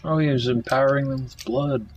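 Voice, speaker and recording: A man's voice: medium pitch, fairly even intonation, brisk, a little mellow, soft background music. A man who streams, joking and teasing in casual gaming voice chat over a voice chat mic.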